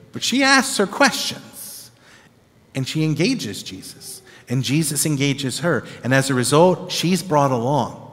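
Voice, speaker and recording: A man teaching the Bible as a pastor, animated and conversational, often checking in with his listeners. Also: mid-range voice. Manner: animated, conversational, acts out disciples' reactions with tag questions. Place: church. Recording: long reverb of a church hall.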